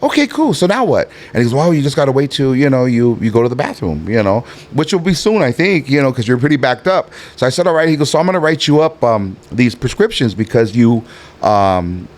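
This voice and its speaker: A middle-aged man with a Southern California Chicano accent, telling a profane, animated story as a podcast guest and acting out the voices in it. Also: mid-range voice, brisk. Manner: animated, profane, acts out every voice in his stories. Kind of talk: casual storytelling in a podcast interview.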